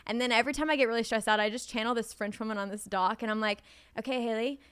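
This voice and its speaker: Bright, animated young American woman. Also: fairly high pitch, rapid-fire, clear, resonant tone. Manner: animated storyteller, frequent likes and swearing. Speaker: podcast guest, wedding photographer. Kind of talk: casual chat.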